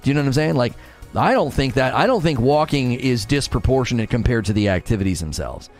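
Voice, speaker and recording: A man's voice: fast, faint music behind. A man chatting casually on a live stream while playing a game, reading viewer messages aloud and answering them. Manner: chatty, reads chat aloud, animated swings in pitch.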